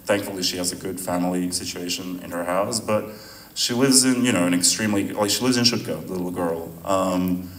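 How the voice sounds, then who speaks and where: A man, a filmmaker, answering audience questions after a screening in a relaxed, rambling way with frequent laughs. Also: low voice, a little fast. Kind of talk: post-screening Q&A. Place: venue hall at a screening. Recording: roomy sound from a distant mic, faint noise.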